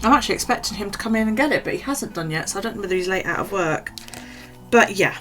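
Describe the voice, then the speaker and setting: A woman's voice: medium pitch, lively intonation, fast, fairly bright tone, slight background noise. A middle-aged British woman vlogging, telling a gossipy story in casual, chatty talk and swearing freely. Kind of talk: casual chat to camera.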